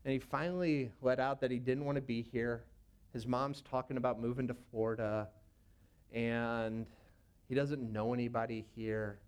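Man, thirties, youth pastor type; smooth, clear voice; loose, filler-heavy storytelling. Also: medium pitch, steady tone, normal speed. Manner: casual, rambling with many fillers. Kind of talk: personal storytelling.

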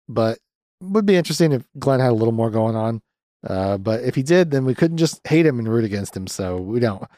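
This young podcast host recaps a movie with casual sarcasm, cursing freely and packing in fillers. His mid-range voice is slightly mellow, recorded at studio quality with no room sound.

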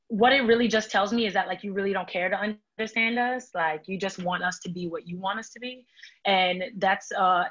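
A woman's voice: fairly low pitch, fairly bright tone, dull audio. A young woman from the Bronx taking part in a casual discussion, speaking reflectively and thinking aloud with many filler words. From the Bronx, New York.

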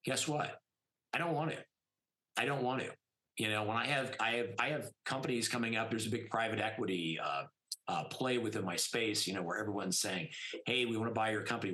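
Man, middle-aged, bright forceful tone, emphatic, fillers, casual chat. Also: on the low side, poor audio. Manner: animated, emphatic, many "I mean" fillers. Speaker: podcast guest, plastic surgeon. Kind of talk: casual storytelling interview.

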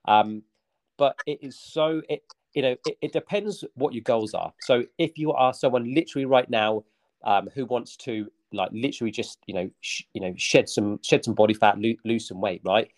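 A man's voice: medium pitch, moderate pace. A man talking as a fitness coach guest on a podcast, upbeat and motivational, with many fillers. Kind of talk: casual podcast chat.

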